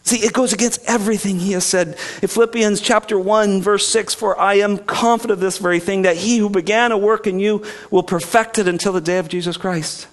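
A man with a high-pitched voice preaches a sermon. He is earnest and swings between quiet, slow passages and loud, emphatic ones. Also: steady tone. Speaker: pastor.

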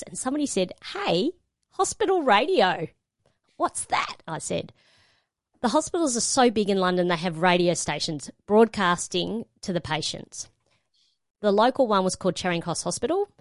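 A woman's voice: on the low side, no echo, studio quality. A middle-aged woman, a radio presenter telling a personal story as a guest and acting out the quoted lines. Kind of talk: storytelling in a panel conversation.

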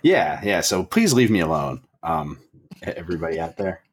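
Husky low-voiced man with a lively pitch. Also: moderate pace. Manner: dry, wry jokes. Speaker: podcast co-host. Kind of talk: casual chat.

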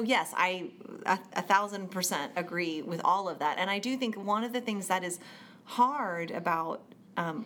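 Woman chatting on a podcast mic, lively, acts out voices as she tells stories. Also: on the low side, a little hiss or hum. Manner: animated storyteller, acts out quoted voices. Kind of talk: casual conversation. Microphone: studio microphone.

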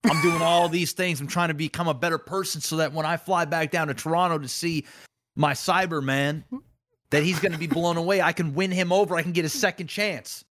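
A man hosting a casual gaming podcast, telling a rambling comic analogy in an animated way. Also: on the high side, a little fast. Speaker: podcast host. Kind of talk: casual chat.

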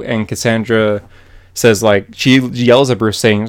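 Young male podcast co-host, smooth clear voice, easygoing chatty recaps. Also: lowish voice, normal speed. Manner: animated, filler-heavy comic recaps. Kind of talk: casual chat.

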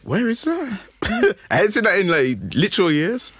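A man's voice: sits high, sing-song, normal speed, fairly bright tone, a little hiss or hum. A young man, arguing his point and interjecting often in casual chat. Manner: argumentative, interjecting.

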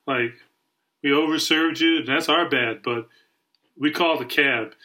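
Unhurried and pausing often, a man with a slightly high voice co-hosts a podcast on a rough recording. He relays a long story casually and with animation, voicing the characters he quotes.

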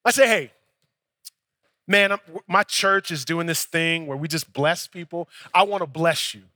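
A man's voice: a little high, normal speed, pushed and bright, no echo. A young adult male pastor preaching a sermon in a conversational storytelling way, acting out both sides of his dialogues.

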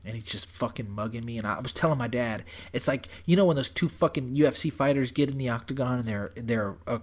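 A young man telling a story in casual chat, animated and profane, saying "dude" and "bro" constantly. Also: mid-range voice, fast talker.

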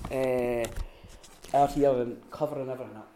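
A man giving an informal teaching talk at a retreat, telling stories with lively restarts and acted-out quotes. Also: fairly high pitch, moderate pace, slight background noise. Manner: animated storytelling with many restarts and acted-out quotes. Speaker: retreat speaker. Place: room at a retreat. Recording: echoey room.

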